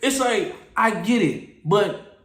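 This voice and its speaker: A man who hosts a podcast and works security, telling animated stories and acting out the people he deals with. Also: high-pitched, normal speed, echoey room. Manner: animated storytelling, mimicking people. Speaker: podcast host, security guard. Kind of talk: casual podcast monologue.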